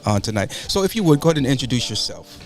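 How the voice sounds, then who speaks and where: A man's voice: mid-range voice, sing-song, racing, soft background music. A man hosts a call-in show in a folksy, preachy way. He loops back on his words and talks like a pastor at a pulpit. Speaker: talk show host and pastor. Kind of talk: casual call-in show hosting.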